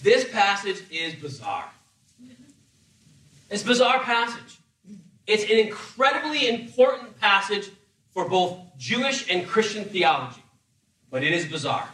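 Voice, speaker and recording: A high, bright-voiced man preaching a sermon, lively and humorous, slipping into acted voices as he tells the story. He sounds a little off the mic, and the room around him echoes. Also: a little slow, long pauses, distant mic. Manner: animated, acts out voices with humor. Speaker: pastor.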